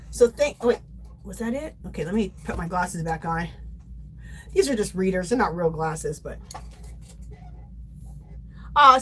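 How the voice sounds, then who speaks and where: A chatty woman hosts a casual craft livestream, playful and laughing as she reads viewer comments aloud. Her voice sits fairly high. A faint room ambience hums behind her. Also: fairly bright tone, slight background noise. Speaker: livestream host.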